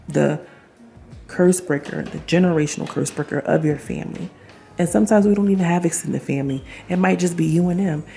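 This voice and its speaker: Gravelly-voiced woman vlogging to her viewers. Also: deep voice, dark tone. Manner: chatty, affirming, speaks straight to viewers with laughs and asides. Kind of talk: casual talk to camera.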